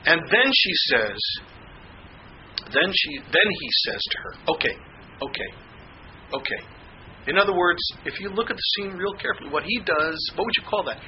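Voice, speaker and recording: A man's voice: sits high, brisk, highs cut off, a little hiss or hum. A man teaching a class, talking through a film scene and asking the students questions. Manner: animated, asks the class questions.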